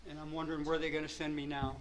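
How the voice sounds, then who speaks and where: An older Southern Californian tells his recovery story at a meeting in rapid-fire fashion with a fairly high voice. What begins as rambling turns animated and full of laughter. The low-quality recording has slight background noise.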